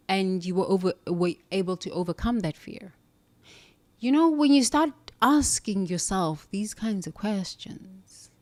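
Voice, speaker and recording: In a reflective self-help monologue, a woman with a mid-range voice coaches earnestly, asking herself questions and answering them in a steady, sincere way.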